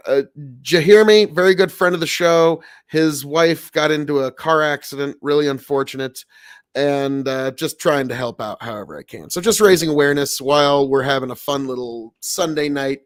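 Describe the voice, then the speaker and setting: Blunt swearing Nebraska man, slightly high. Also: normal speed. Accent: Nebraska rural American. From Nebraska, USA. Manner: blunt, swears often, bursts into loud outrage. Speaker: livestream host. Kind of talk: casual live-stream chat.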